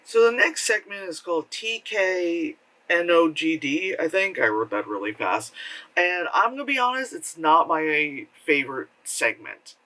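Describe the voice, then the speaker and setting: A man with a somewhat high, bright voice rambles through a casual film review. He swears freely, leans on lots of fillers, and slips into exaggerated voices to act out the characters. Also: lively intonation, unhurried, recorded from a distance, poor audio. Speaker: movie reviewer. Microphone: camera with a flash.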